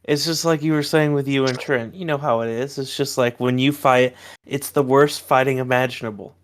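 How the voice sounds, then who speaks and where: Smooth-voiced easygoing man. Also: medium pitch, steady tone, normal speed. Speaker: podcast co-host. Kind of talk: casual chat.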